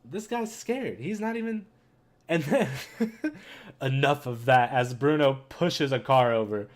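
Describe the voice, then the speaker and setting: A man's voice: medium pitch, takes it slowly. Chatty gaming YouTuber man. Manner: excitable, chatty, talks straight to viewers. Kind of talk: casual read-along commentary.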